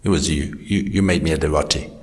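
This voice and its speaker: A man quoting a grateful woman devotee who insists on being heard, in his own very low voice. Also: fairly even intonation, quick pace, long reverb tail. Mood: insistent.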